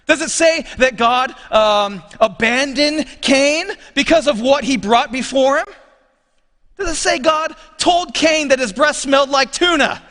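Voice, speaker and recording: A man's voice: very high voice, pushed and bright, in a large hall. A man preaching a sermon as pastor, talking conversationally and questioning his congregation. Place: church sanctuary.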